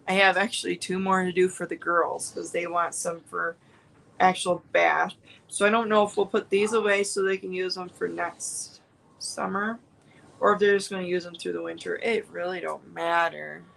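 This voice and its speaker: A woman's voice: on the low side, fairly even intonation, moderate pace, vocal fry, fairly bright tone, slight background noise, low-quality recording. A woman chatting casually on a home crafting livestream, rambling with fillers and restarts. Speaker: crafting vlogger.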